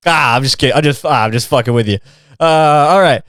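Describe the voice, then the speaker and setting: A man's voice: medium pitch, brisk, fairly bright tone, smooth, dry recording, studio quality. A man hosting a podcast, reacting to videos in a casual, profane and mocking rant. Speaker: podcast host.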